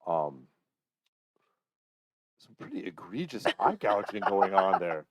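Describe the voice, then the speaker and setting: A man's voice: deep voice, big pitch swings, takes it slowly, dry recording, muffled recording. A man co-hosting a fight podcast in casual chat, giving opinions and acting out what fighters said. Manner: opinionated, acts out fighters' lines. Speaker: podcast co-host.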